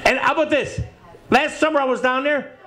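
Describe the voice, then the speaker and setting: A man in his fifties doing a profane stand-up routine, rapid-fire jokes and needling the crowd in a bar. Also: extremely high pitch, fairly even intonation, pushed and bright. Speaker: stand-up comedian. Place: bar with live audience. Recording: live bar set with crowd laughing. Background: crowd laughter.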